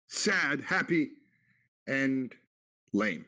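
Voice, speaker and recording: A man's voice: medium pitch, sing-song, moderate pace, fairly bright tone, lo-fi sound. A man co-hosting a goofy radio chat show, joking and hamming it up like a mock announcer. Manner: playful, sing-song, mock announcer. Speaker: co-host.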